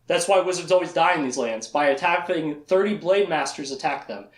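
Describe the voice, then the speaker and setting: Chatty high-voiced man lecturing. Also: a little fast. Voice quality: chatty, joking, laughs often and leans on "like". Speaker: presenter recapping a book series. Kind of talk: casual lecture. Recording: echoey room.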